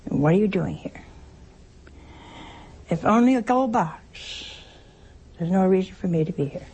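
An older woman with a husky, darkish, mid-range voice preaches a sermon on works of mercy, animated yet unhurried. Her style is homespun and teasing, full of rhetorical questions and little acted-out everyday scenes.

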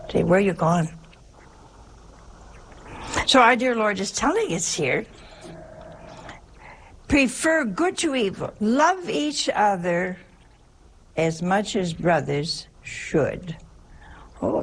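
A woman's voice: lowish voice, creaky, a little hiss or hum, rough recording. A woman, a nun, preaching a folksy sermon in a chatty, humorous way, full of rhetorical questions.

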